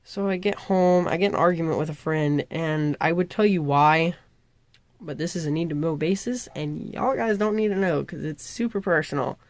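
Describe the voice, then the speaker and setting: A woman's voice: low voice, normal speed. A woman vlogger talking to camera in a casual, rambling rant, often correcting herself. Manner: rambling, self-correcting, chatty.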